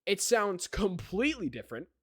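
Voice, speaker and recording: A man's voice: sits high, sing-song, normal speed, slightly rough, dry recording, clean studio sound. A young man co-hosting a podcast, chatting casually and rambling, with many restarts and "right?" tags. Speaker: podcast co-host. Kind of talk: casual chat.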